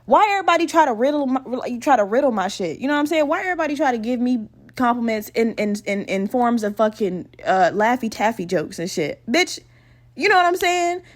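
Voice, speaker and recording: A young woman in her twenties, a podcast host, tells a story in a casual, profane monologue. Her voice sits slightly higher than most women's. She is animated and often laughs, acting out the other people in the story. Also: a little fast. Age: 20s.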